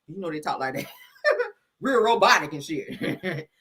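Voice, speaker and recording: A woman hosting a casual gossip show, loud, laughing and full of slang as she teases. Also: mid-range voice, expressive, brisk. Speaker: show host.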